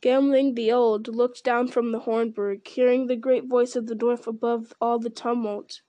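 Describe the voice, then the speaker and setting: A woman reads a fantasy novel aloud at a steady pace, now and then stumbling on a word and going back. Her voice sits fairly high, and the sound is dry with no room echo. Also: normal speed, dull audio. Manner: steady reading with small stumbles and self-corrections. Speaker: reader.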